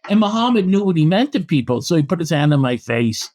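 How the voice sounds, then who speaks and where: A middle-aged man from Canada, a boxing historian telling anecdotes in an interview, with many restarts and lively acted quotes. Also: on the high side, fast. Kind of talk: storytelling in a podcast interview.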